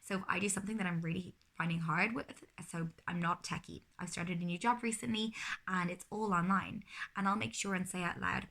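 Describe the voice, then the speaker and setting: A woman's voice: lowish voice, fairly even intonation, fairly quick, gravelly, a bit bright. A woman in her thirties, a mother, giving parenting advice in a casual vlog, talking earnestly and often correcting herself mid-sentence. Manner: earnest, explanatory, with frequent self-corrections.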